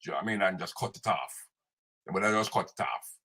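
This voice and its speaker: A man's voice: low voice, animated, fast, gravelly, pushed and bright, slightly rough. A British comedian ranting on a live show, repeating his points and asking "yeah?" and "right?" constantly. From Britain. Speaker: comedian and social commentator hosting a live show. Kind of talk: animated solo rant. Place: home, streaming live online.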